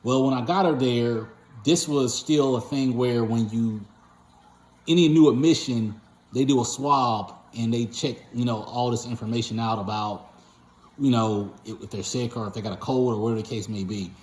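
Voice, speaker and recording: A man's voice: mid-range voice, fairly even intonation, moderate pace, a little mellow. A man who runs a patient transport company, casually telling a story to his viewers in a rambling way, full of fillers and self-corrections. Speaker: owner of a patient transport company, channel host. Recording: roomy echo.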